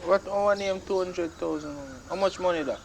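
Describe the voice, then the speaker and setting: A man's voice: high-pitched, brisk, vocal fry, slight background noise. A man playing a whiny young Jamaican son who pleads with his mother. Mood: pleading.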